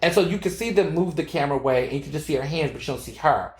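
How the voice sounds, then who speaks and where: A man hosting his own podcast, telling a story and giving his opinions in a sassy, animated way, full of fillers and swearing. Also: on the high side, rapid-fire, reverberant. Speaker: podcast host. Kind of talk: casual opinion monologue.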